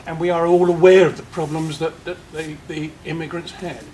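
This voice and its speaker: Older man giving halting thanks. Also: fairly high pitch, little pitch movement, noisy background. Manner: halting, repeats words while finding them. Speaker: meeting member giving vote of thanks. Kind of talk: formal public remarks. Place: meeting room.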